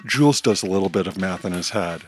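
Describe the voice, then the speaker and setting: A man giving scripted audio drama narration in a brisk, plain manner. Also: low voice, soft background music.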